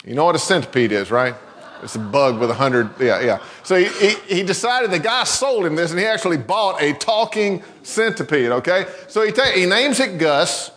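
A man's voice: sits high, lively intonation, moderate pace, fairly bright tone, in a large hall, slight background noise. A man preaching a sermon in a church, talking in a conversational, folksy way and often restarting his words. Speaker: pastor. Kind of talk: sermon with a told joke. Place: church sanctuary.

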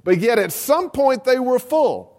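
A man's voice: extremely high pitch, big pitch swings, measured pace, a little mellow, in a large hall. A man who is a pastor, preaching a storytelling sermon and repeating words as he restarts his sentences.

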